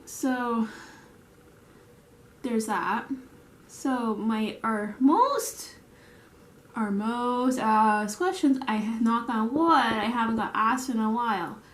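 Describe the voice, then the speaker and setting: In an echoey room, a woman with a fairly high voice speaks slowly and leaves long pauses. She's a vlogger and bakery store worker chatting through a get-ready-with-me makeup session, her work stories meandering with plenty of restarts and fillers.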